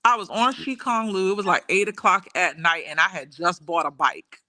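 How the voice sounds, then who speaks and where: A middle-aged woman from New York, a podcast guest, telling animated stories with laughter and restarts. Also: mid-range voice, moderate pace, no room sound, studio quality. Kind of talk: casual storytelling chat.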